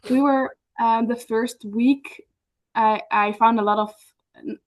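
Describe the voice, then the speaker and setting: A woman with a fairly high voice talks in casual conversation. She hesitates often, starting her sentences over as she reaches for the right words. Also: steady tone, slow pace. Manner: hesitant, searching for words, with restarts. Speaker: podcast guest.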